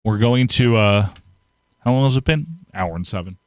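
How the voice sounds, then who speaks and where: A man's voice: fairly low pitch, normal speed, dry recording. A man, hosting a casual livestream, reading viewer comments and rambling with frequent laughs. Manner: rambling, laughs often, animated outbursts. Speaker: livestream host.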